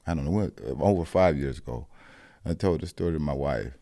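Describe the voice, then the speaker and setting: Rumbling low and fairly quick, the dark voice of a Rock Island, Illinois corner store owner comes through a dry, studio-quality recording. Appearing as a podcast guest, this Midwesterner shares personal stories earnestly and reflectively, frequently starting his phrases over.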